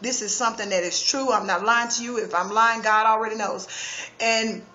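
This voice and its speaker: A woman's voice: a little high, fairly even intonation, moderate pace, pushed and bright, muffled recording. A woman giving a personal testimony, earnest and emphatic, often restarting her sentences.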